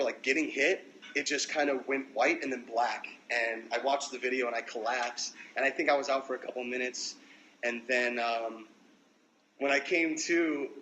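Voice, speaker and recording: Young man, mid-pitch, casual profane storyteller on a phone livestream, light background noise. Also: poor audio. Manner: loose, profane, animated storytelling. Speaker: musician livestreaming to fans.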